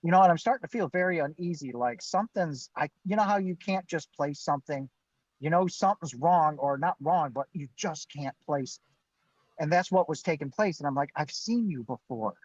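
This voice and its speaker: A man's voice: fairly high pitch, normal speed, no echo. Male guest, rambling storyteller, dull dry lo-fi sound in a car. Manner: rambling, full of "you know" and "I'm like". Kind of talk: personal storytelling. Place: inside a parked car.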